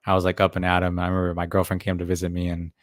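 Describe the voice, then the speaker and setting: A man, a guest DJ, talking casually and sincerely in a stream interview, with halting fillers. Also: low-pitched, monotone, no echo, studio quality. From California.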